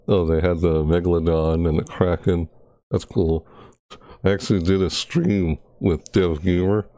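A young man streaming live, rambling casually to himself and his viewers with sudden loud yelps. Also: sits low, no echo, clean studio sound.

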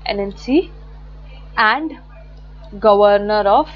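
A woman's voice: mid-range voice, slow pace, dull audio. A woman teaching an online exam-prep lecture from slides, chatty and often correcting herself. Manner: chatty, self-correcting, repeats words.

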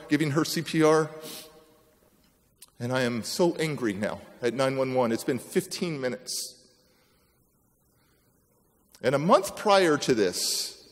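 Man telling a dramatic story in a hall. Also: fairly high pitch. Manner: dramatic storytelling, acting out quoted voices. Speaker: motivational speaker. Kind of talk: motivational speech, personal storytelling. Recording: long reverb of a large hall.

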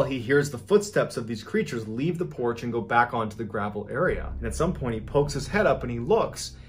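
Casting: man, suspenseful scary-story narrator, faint hiss. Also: mid-range voice. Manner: suspenseful, building tension.

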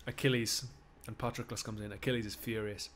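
A man's voice: on the low side, level tone, a little fast, a bit bright, a little hiss or hum. A man live-streaming a Shakespeare reading for charity, breaking off for chatty, joking asides to his viewers.

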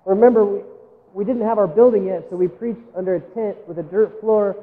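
A man's voice: sits high, steady tone, a little fast. A man preaching a sermon as a missionary, telling a story in an earnest, emotional way and often repeating words when moved. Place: church sanctuary. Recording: tinny phone-like sound with long hall reverb.

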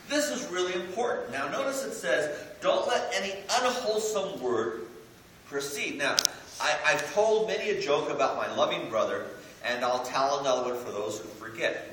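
Middle-aged male pastor, lively joking sermon delivery, bright voice, echoey sanctuary heard from a distance. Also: on the high side, normal speed, slight background noise. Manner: animated, joking, preacherly. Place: church sanctuary. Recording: echoey church hall, mic from a distance, faint ambience.

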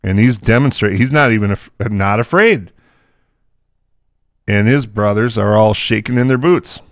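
A man's voice: fairly low pitch, normal speed, no room sound, clean studio sound. A man teaching from the Bible, reading scripture aloud and breaking into casual, chatty asides.

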